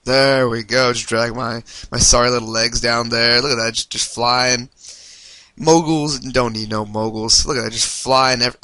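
A man hosting a let's-play video, reacting excitably and swearing when things go wrong. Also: mid-range voice, moderate pace, dry recording. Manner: excitable, yelps and swears at mishaps. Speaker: gaming video host.

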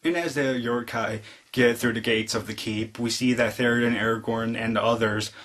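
A man talks through a movie review in a relaxed, unscripted way. His voice sits at an ordinary middle pitch. He leans on constant fillers and breaks into eager bits of acting out what the characters say. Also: moderate pace. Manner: rambling retelling full of "like" fillers; excitedly re-enacts quoted lines. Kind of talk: casual spoken film review.

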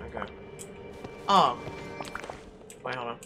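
A man giving gameplay commentary in quiet, sarcastic, mumbled asides. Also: mid-range voice, moderate pace. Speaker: gamer. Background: game music.

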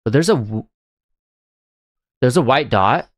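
A man giving excitable, chatty live commentary while playing a game, often breaking into laughter. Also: medium pitch, a little slow, no room sound, clean studio sound. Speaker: live streamer.

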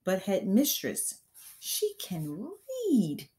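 A woman voicing a gentle young teacher who pleads earnestly for her pupil, read from a storybook. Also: mid-range voice, very animated, very slow, pitched above the performer's own voice. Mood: earnest, pleading. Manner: pleading, raised and urgent.

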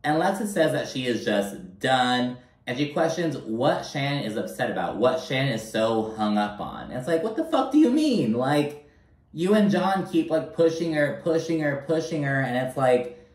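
A man talks through a reality TV episode with blunt, animated, frequently profane commentary. His voice sits at an ordinary pitch for a man. It is recorded a little away from the mic, so the room's echo carries around him. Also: moderate pace. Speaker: reality TV recap host. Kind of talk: casual commentary. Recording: roomy echo, mic held at a distance.

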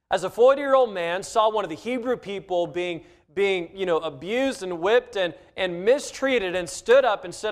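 A man preaching a sermon as pastor, earnest, giving quoted lines extra emphasis. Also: high voice. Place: church sanctuary.

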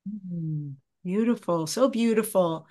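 A woman's voice: fairly low pitch, takes it slowly, darkish tone. A woman hosting an interview, responding with effusive, brief affirmations. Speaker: host.

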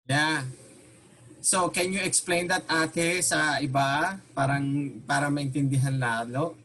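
A man's voice: a little high, steady tone, unhurried, bright, forceful tone. A man teaching an online Tagalog class, patiently repeating questions and mixing Tagalog with English.

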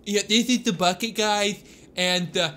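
A man putting on a slow, high nerdy guy. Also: steady tone, sharp tone, slight background noise. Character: nerdy bespectacled young man explaining things. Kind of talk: put-on character voice in a gaming video.

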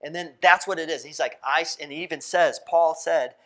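A pastor preaching a sermon in a church, talking casually, asking the congregation questions and laughing often. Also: male voice, a little high, brisk, fairly bright tone. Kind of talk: interactive sermon. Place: church sanctuary.

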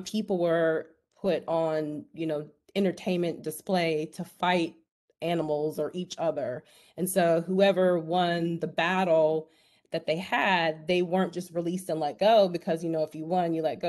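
Woman, lowish voice, Bible study teacher, video call, hesitant, lots of fillers. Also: a little mellow. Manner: hesitant, many fillers and restarts.

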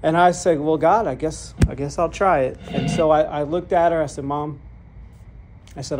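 A man's voice: on the high side, fairly even intonation, moderate pace, background noise. A man giving a personal testimony as a sermon. He speaks in an earnest, candid way, often repeats words as he restarts, and laughs at himself. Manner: self-deprecating, laughs at his own story. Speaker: preacher sharing his testimony.

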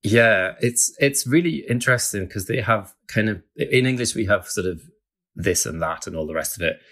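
Man, guest author, low voice, relaxed explanatory podcast chat, hedging. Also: normal speed. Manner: chatty, hedging with "kind of", laughs often.

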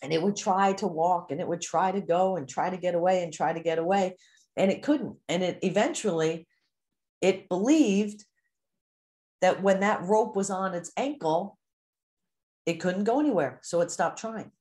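A woman mindset coach giving an animated teaching talk to a course group, acting out the inner voices people hear. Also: lowish voice, moderate pace.

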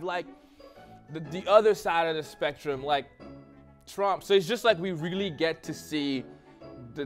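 A man on a comedic dating show, speaking haltingly in a put-on foreign accent that keeps slipping. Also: a little high.

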